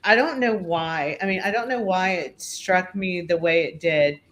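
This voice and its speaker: A man's voice: sits high, a bit bright, slight background noise. A man hosting a live stream, chatting with callers and retelling what struck him in an easygoing way. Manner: easygoing, encouraging, drawn-out retelling. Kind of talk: casual stream chat.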